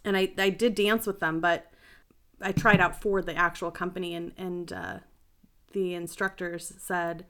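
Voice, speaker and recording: Middle-aged female guest, low bright voice, rambling and self-deprecating storyteller. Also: level tone, measured pace. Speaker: podcast guest, health and life coach. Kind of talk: casual interview storytelling.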